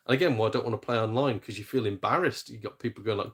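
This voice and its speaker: A man's voice: on the low side, very fast, hardly any pauses. A middle-aged man hosting a gaming live stream, ranting sarcastically in casual chat and mimicking people in silly voices. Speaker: gaming channel host.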